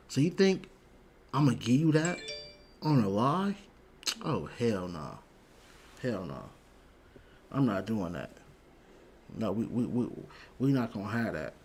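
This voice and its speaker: A man's voice: medium pitch, slight background noise. A man hosting a show, giving a blunt, heated, profane commentary rant full of repeated words. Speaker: show host.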